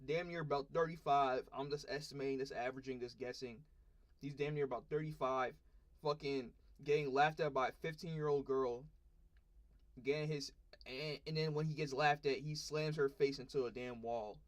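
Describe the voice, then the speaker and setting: A man with a mid-pitched voice reacts live on stream, talking bluntly and swearing freely. His remarks come in sudden, exclaimed bursts between stretches of listening. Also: fairly even intonation, moderate pace. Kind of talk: casual live reaction commentary.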